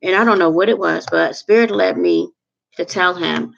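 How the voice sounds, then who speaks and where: A woman's voice: on the low side, normal speed, gravelly, lo-fi sound. A woman in her forties telling a personal story to camera in a chatty, rambling, emotional way with lots of fillers. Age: 40s. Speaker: vlogger.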